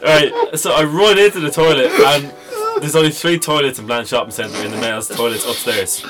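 A man's voice: fairly high pitch, moderate pace, loud music behind the voice. A young man with an Irish accent, telling a story in casual chat with lots of swearing and laughing at himself. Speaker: podcast co-host.

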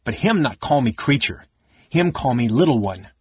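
A man's voice: medium pitch, lively intonation, moderate pace, slightly rough, dry recording, lo-fi sound. A man voicing a ragged female gully dwarf who speaks in broken pidgin. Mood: tearful.

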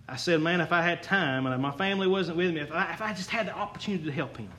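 A man's voice: on the high side, fast talker, bright, forceful tone. A young man preaching a sermon as a pastor, folksy, earnest and self-deprecating.

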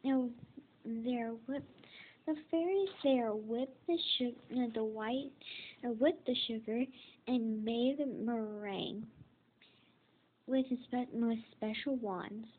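Woman reading a storybook haltingly. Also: on the high side. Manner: halting reading with fillers and restarts. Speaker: reader. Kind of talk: storybook read-aloud. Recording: tinny phone-like sound.

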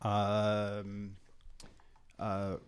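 A man's voice: lowish voice, monotone, extremely slow, clear, resonant tone. A man in a casual group chat, making dry jokes and hesitating with fillers before his answers. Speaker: podcast co-host.

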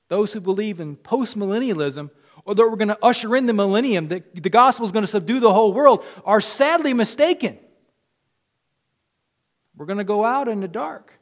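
A man with a Southern US accent preaching a sermon as pastor, swinging from loud declarations to hushed asides. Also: high voice, lively intonation, normal speed.

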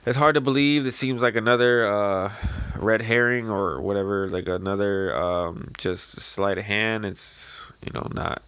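A man casually reviewing a manga chapter, rambling in a relaxed way. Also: on the low side, measured pace, clean tone, no room sound. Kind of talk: casual chat.

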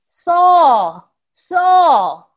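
Woman putting on a heavenly voice of Jesus, calm man, solemn, slow calling, high voice, children's Bible tale. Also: dull audio.

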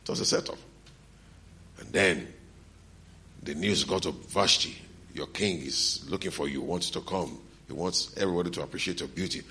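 A man's voice: low voice, moderate pace, long pauses, sharp tone, slight background noise. A middle-aged man preaching a sermon as a pastor, telling stories and acting out the dialogue of the people in them. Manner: storytelling preacher, acting out dialogue, laughing between lines.

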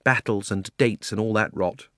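A man voicing a spirited, sharp-tongued young girl in an audiobook, with bright, indignant delivery. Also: on the low side, normal speed, no room sound, studio quality. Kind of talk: audiobook character voice.

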